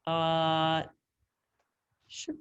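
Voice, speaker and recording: A woman's voice: deep voice, completely flat delivery, drawn-out words, muffled recording, slight background noise. A woman teaching a Spanish class over a video call, casual and encouraging as she talks students through each step. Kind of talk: online class instruction.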